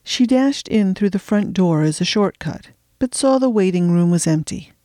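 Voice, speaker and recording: A woman's voice: mid-range voice, animated, normal speed, dark tone, no echo, clean studio sound. A woman hosting a fiction podcast, chatting wryly before reading her own mystery story aloud from her attic. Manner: wry, chatty and self-deprecating. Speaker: podcast host and fiction reader. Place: home attic.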